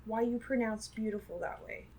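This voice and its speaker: A woman's voice: on the high side, moderate pace, darkish tone, husky. A woman chatting casually off-camera, asking puzzled, probing questions. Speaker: off-camera companion. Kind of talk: casual chat.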